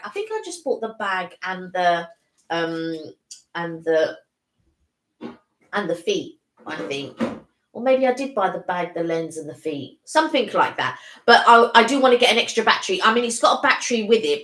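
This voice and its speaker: A woman's voice: medium pitch, fairly bright tone, reverberant, low-quality recording. A woman co-hosting a casual livestream, rambling chattily with lots of fillers. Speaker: co-host.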